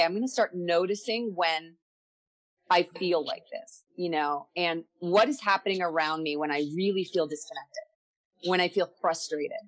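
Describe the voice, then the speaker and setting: A woman with a medium-pitched voice appears as a podcast guest, telling her own story in a candid, reflective way. She often repeats words while gathering her thoughts.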